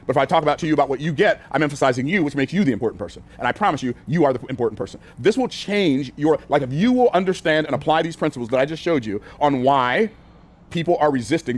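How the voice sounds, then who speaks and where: An older man teaching business sales from a whiteboard, energetic and conversational, repeating phrases for emphasis and using casual words like y'all and ain't. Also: mid-range voice. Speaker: business coach.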